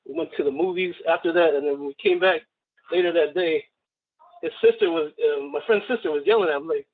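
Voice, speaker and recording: Male phone-in caller, somewhat high voice, hesitant storyteller, thin phone sound. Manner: halting, many "like" fillers and restarts. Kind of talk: casual storytelling. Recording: tinny phone line.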